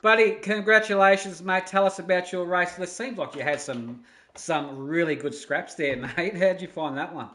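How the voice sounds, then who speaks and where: Excitable race commentator. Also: male voice, sits high, normal speed. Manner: excitable, shouting at the action. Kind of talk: live stream race commentary. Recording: roomy with faint noise.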